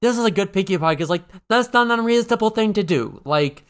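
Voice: mid-range voice, expressive, fast. A man co-hosting a podcast, chatting casually and wryly, with many fillers and restarts. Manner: rambling, lots of fillers and restarts, wry. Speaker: podcast co-host. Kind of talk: casual chat.

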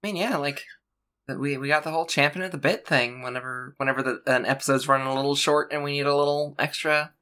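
A podcast co-host chatting casually, sarcastic and quick with jokes, swearing freely. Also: medium pitch, steady tone, pushed and bright. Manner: sarcastic, swears, jokey asides. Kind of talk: casual chat.

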